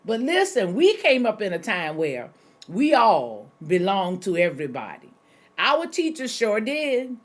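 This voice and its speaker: A woman's voice: medium pitch, wildly swooping pitch, a little slow. A middle-aged woman pastor giving a conversational sermon, folksy and direct, speaking straight to her listeners and repeating key phrases.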